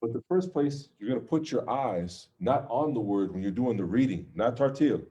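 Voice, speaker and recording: A man's voice: mid-range voice, expressive, moderate pace, warm tone, highs cut off. A man teaching an informal religious class, talking conversationally and checking in with his listeners with "okay?" and "right?". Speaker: Islamic teacher.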